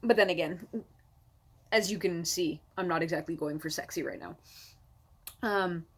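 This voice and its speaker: A woman's voice: lowish voice, moderate pace, slightly rough. Woman comic from Canada, home-recorded rant, sarcastic, exasperated, swears a lot. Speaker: comedian. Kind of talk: stand-up comedy rant to camera.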